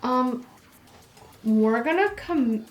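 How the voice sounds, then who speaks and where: A woman's voice: high voice, lively intonation, extremely slow, faint music behind. Woman explaining her board game turn. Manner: explains rules while counting out moves. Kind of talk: casual tabletop gameplay talk. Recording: roomy echoey room.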